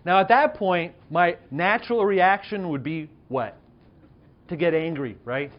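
On a muffled recording, a man in his thirties with a high-pitched voice speaks a little slowly. He pastors a church and tells a personal story in a conversational, self-deprecating sermon, posing questions to the audience.

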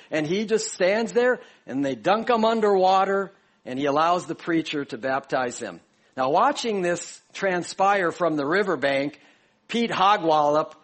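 A pastor from Chicago preaching a sermon, explaining a passage to his congregation in a conversational way. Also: sits high.

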